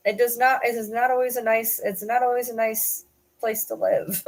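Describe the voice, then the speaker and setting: A woman's voice: fairly high pitch, fairly even intonation, moderate pace. Lady in her 40s rambling on a stream, swears a lot, laughs at herself. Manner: rambling, swears, laughs often, self-deprecating. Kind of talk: casual live-stream chat.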